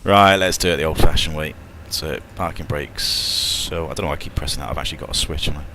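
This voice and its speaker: Deep-voiced British man bantering casually. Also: fast, bright, forceful tone, slight background noise. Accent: British English. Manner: joking, mildly sweary, runs checklists aloud. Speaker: airline pilot streaming a flight simulator. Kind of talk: casual banter over voice chat while flying.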